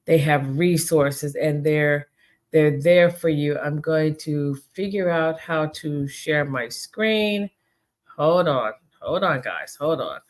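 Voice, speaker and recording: A woman with a low voice hosts a solo podcast. She speaks slowly and earnestly, and she pleads with her listeners, often repeating herself. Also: lively intonation. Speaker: podcast host. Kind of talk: heartfelt solo podcast talk.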